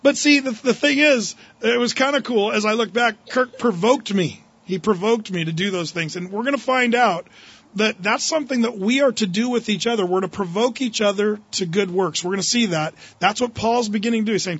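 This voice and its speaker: Humorous high-voiced male pastor. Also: a little fast, fairly bright tone, breathy edge, lo-fi sound. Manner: humorous, anecdotal, chuckles often. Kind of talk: sermon. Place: church, Wednesday evening service.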